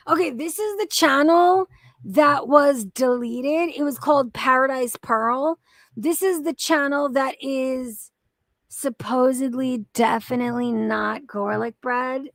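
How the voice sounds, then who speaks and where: A woman's voice: sits high, fairly even intonation, slow, no room sound. A young woman hosting a reaction commentary video, ranting in a profane, exasperated and mocking way. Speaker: commentary channel host.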